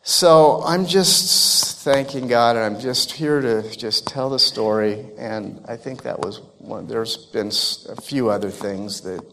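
A man telling a personal faith story in church, halting and emotional with many restarts. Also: fairly low pitch, fairly even intonation, fairly bright tone, long reverb tail, a little hiss or hum. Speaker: church member giving testimony. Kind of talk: personal testimony.

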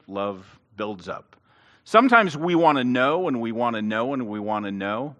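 Man, sermon, lapel mic, long hall reverb, animated pitch. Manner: animated storytelling with restarts. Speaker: preacher. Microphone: clip-on lapel mic.

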